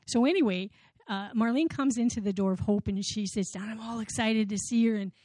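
A woman tells personal stories from the front of a room, animated and full of little restarts and fillers. Her voice is warm and mellow, caught dry and close on a microphone. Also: a little high, brisk, dry recording. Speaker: speaker at a community ministry event. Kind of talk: personal storytelling talk.

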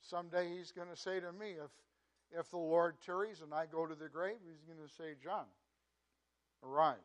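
A man preaching a sermon in a conversational way, often repeating words and saying "you know", swinging between loud emphasis and quiet asides. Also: a little high, fairly even intonation, fairly quick. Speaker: pastor.

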